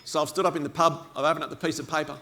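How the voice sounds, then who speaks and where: A man's voice: a little high, level tone, very fast, pushed and bright, some chatter behind. Wry middle-aged Australian man. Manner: dry, self-mocking, conversational. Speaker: after-dinner speaker. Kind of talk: humorous storytelling speech. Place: dinner event before an audience.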